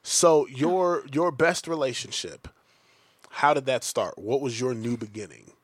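A man co-hosting a podcast who tells stories in a joking, profane, animated way. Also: medium pitch, measured pace, dry recording. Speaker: podcast co-host. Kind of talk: casual chat. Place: studio.

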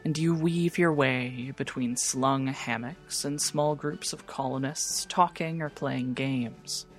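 A woman narrating a tabletop game as game master in a measured, descriptive way. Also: extremely low pitch, soft background music.

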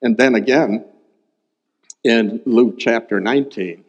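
Taking his time, a man with a medium-pitched voice preaches as pastor, unpacking a Bible passage and repeating the main points for emphasis. The recording sounds dull, with long reverb from the hall.

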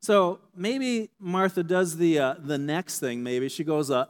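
Animated, conversational man preaching a sermon. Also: on the high side, slow pace. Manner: conversational, animated, checks in with "okay?". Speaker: pastor.

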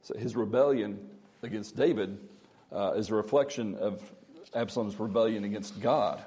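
A man giving a Bible teaching in a halting way with many fillers, reading scripture aloud with more emphasis. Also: fairly low pitch, warm tone.

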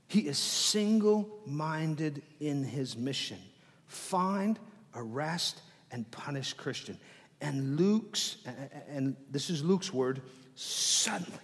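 A man preaching a sermon as pastor, dramatic, dropping to hushed whispers and swelling loud, often repeating words as he restarts phrases. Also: fairly high pitch. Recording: long hall reverb.

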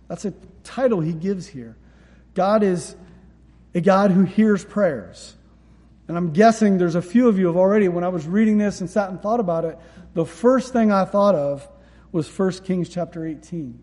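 A pastor with a fairly high, warm voice preaches earnestly and reads scripture aloud, repeating words when stressing a point. The recording has a big-room sound.

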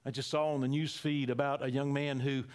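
A man preaching a sermon, repeating phrases for emphasis and swinging between loud, emphatic lines and hushed near-whispers. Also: mid-range voice, flat delivery, fairly quick, smooth. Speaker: pastor.

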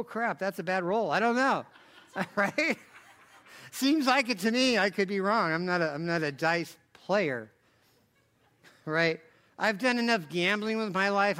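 A man's voice: high-pitched, fairly bright tone. A man preaching a conversational sermon, rambling through asides and jokes, then rising into emphatic bursts. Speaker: pastor.

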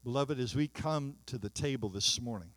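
Fervent man preaching, dry close sound. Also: no echo. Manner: fervent, rising declarations with long pauses; hushed, low liturgical recitation. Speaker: pastor. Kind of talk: sermon.

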